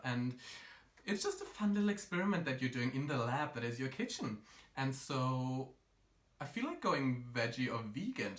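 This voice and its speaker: A man's voice: medium pitch, a bit bright. A man as a drag queen hosting a campy home cooking vlog, sassy and full of quips. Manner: sassy, campy quips, calls viewers honey. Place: home kitchen. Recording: echoey room, faint noise.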